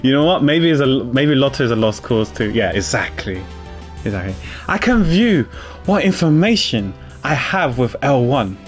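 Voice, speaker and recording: A man's voice: medium pitch, very animated, normal speed. Guy streaming a game, voice jumps all over the place, self-mocking, faint music in the back. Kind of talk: casual gaming commentary.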